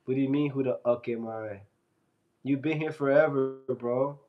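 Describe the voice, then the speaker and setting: A man's voice: medium pitch, steady tone, normal speed, muffled recording, faint music behind. A man on a casual live stream, reading out viewer comments and answering them loosely and playfully into his phone. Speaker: fitness streamer.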